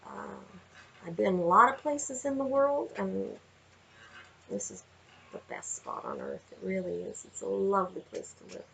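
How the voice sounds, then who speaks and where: A woman giving a chatty tarot card reading, laughing often and talking to viewers in animated asides. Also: mid-range voice, moderate pace, vocal fry, slight background noise, poor audio. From Canada. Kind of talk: casual tarot reading vlog. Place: home with window view.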